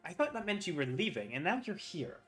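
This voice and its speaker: Casting: a man playing an eager forties mage mentor, bright and rambling. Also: high-pitched, sing-song, fairly quick, soft background music, voice pushed up. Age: 40s. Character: excitable injured male elder mage mentor.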